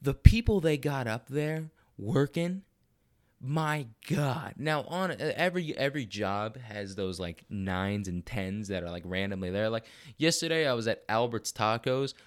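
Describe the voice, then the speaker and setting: A man's voice: medium pitch, unhurried. A young man from Arizona telling a rambling, profane story in casual podcast talk, acting out the people he quotes. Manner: profane, rambling, animated quoting of others.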